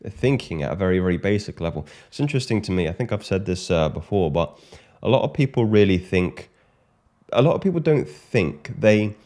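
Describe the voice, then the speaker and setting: A man with a deep, low-pitched voice gives self-improvement commentary. He speaks in a measured, reflective way and sometimes stops to restart a phrase. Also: a little mellow. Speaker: channel host.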